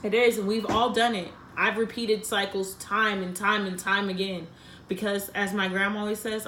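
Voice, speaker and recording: A woman's voice: medium pitch, flat delivery, normal speed, a bit bright, reverberant, slight background noise. A woman giving a casual tarot reading, talking bluntly and frankly, swearing freely. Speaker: tarot reader.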